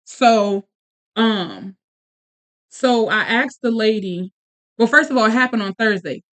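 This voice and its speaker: A woman in her thirties, a podcast host and mother, telling a story in casual chat with quick bursts, restarts and asides. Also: a little high, animated, a bit bright.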